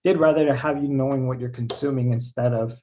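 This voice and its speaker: A man's voice: mid-range voice, fairly even intonation, brisk, warm tone, a little hiss or hum. Laid-back man in casual podcast chat. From US West Coast. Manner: laid-back, slangy and profane.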